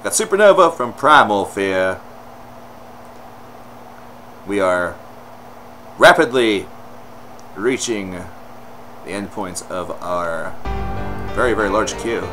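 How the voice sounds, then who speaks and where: A man's voice: on the low side, expressive, slow, long pauses, bright, forceful tone, low-quality recording. A man hosting a live song-request stream, chatting casually in a rambling way, greeting viewers and laughing often. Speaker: livestream host taking song requests. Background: music playing.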